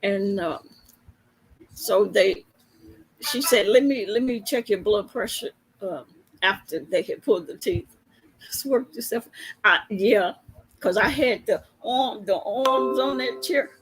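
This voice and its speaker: A woman's voice: mid-range voice, a little slow, poor audio. A woman police officer telling a casual story to camera, chatty and laughing often as she goes.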